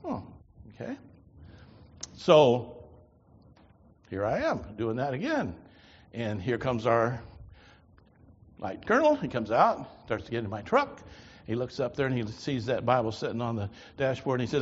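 Male preacher, folksy storyteller, husky, lively intonation, lo-fi hall recording. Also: mid-range voice, moderate pace. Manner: folksy, animated storytelling with quoted dialogue. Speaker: preacher giving testimony. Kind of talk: sermon storytelling. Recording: lo-fi reverberant hall.

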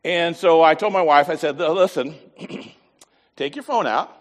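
A man preaching a sermon, telling a folksy story with lively voiced asides. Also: on the high side, slow, in a large hall. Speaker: pastor.

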